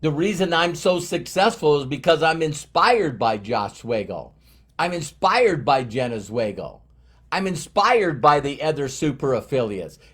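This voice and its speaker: Slow, emphatic motivational speaker, male. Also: on the high side, big pitch swings, fairly bright tone, breathy edge. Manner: emphatic, repeats phrases for effect. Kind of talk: motivational talk.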